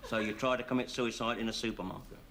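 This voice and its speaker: An actor playing a wry, streetwise convict, chatty and coaxing in a television sitcom. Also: male voice, medium pitch, fairly even intonation, quick pace, fairly bright tone, slight background noise, close to an everyday voice. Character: wry cocky middle-aged London convict. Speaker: prisoner. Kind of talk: 1970s TV sitcom acting.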